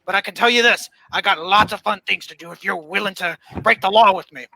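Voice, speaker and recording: A man's voice: high voice, brisk, creaky, pushed and bright, no room sound, heavily acted, low-quality recording. A man playing a scheming, disgraced former president in a comedy sketch, rambling and stammering.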